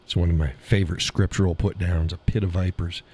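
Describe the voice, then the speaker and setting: Scornful low-voiced man streaming. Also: little pitch movement, brisk, darkish tone, slightly rough. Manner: blunt, scornful, laughs often. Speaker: live stream host. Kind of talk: casual political commentary reading chat.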